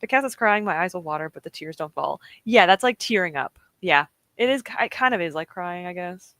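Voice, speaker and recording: A woman's voice: lowish voice, expressive, brisk, fairly bright tone, no echo. Host, young woman, casual chatty streamer, dry recording. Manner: chatty, giggly, reads out chat comments. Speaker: livestream host. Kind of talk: casual chat with viewers.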